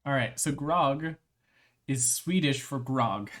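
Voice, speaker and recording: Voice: medium pitch, animated, fairly bright tone. A live streamer chatting casually, rambling playfully with frequent restarts and laughter. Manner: halting, with many restarts.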